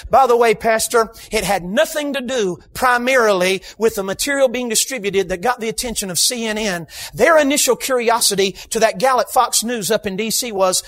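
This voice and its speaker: High-voiced preacher, emphatic. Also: male voice, normal speed, hardly any pauses. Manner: emphatic, shouts for emphasis, humorous asides. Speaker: guest preacher. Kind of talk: sermon. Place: church sanctuary.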